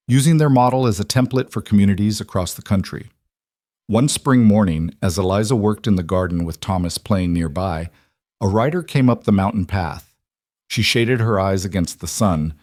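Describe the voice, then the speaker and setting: A man reading a scripted story in an even, measured way. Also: lowish voice, no room sound, studio quality. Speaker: narrator. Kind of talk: scripted narration.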